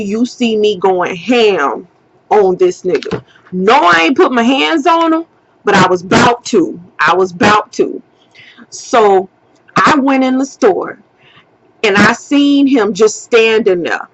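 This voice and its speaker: A woman telling a personal story to her camera in a storytime vlog, profane and animated, acting out her own shouting. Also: mid-range voice, no room sound. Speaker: vlogger. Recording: dull lo-fi sound.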